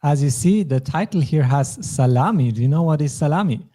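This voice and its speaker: A man's voice: fairly high pitch, animated, brisk, dark tone. A man from German-speaking Europe hosting a language lesson, patiently explaining phrases and vocabulary step by step. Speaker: language teacher.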